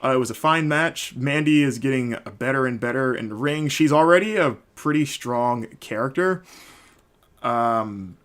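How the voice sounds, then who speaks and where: A man's voice: mid-range voice, normal speed, a bit bright. A man hosting a solo wrestling recap podcast, rambling casually with many fillers and restarts. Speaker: podcast host.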